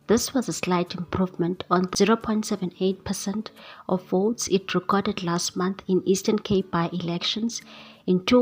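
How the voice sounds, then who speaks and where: A woman presenting news in a steady, scripted read, ending with a sign-off to viewers. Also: lowish voice, slightly rough.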